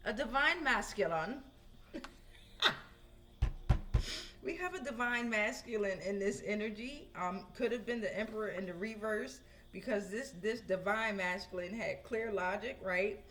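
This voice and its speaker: A woman's voice: mid-range voice, moderate pace, hardly any pauses, a bit bright. Chatty woman reading tarot cards. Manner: chatty, talks to viewers, frequent "right?". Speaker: tarot reader. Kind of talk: casual tarot reading livestream.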